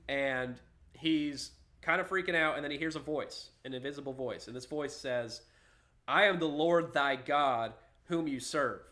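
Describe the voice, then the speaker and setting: A man hosting a podcast, talking casually with animated, scoffing delivery and casual profanity. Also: medium pitch. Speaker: podcast host.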